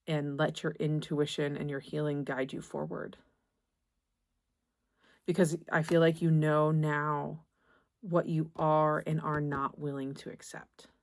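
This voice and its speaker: A young woman giving a tarot reading to camera, gentle and reassuring, halting often and restarting her phrases. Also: low voice. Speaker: tarot reader.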